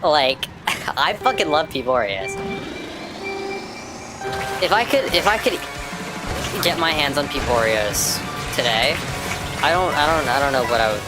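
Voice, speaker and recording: Low-voiced American woman, lively ranting. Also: measured pace, pauses often, loud music behind the voice. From United States. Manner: excitable profane ranting. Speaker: streamer. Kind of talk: casual live-stream chat while gaming.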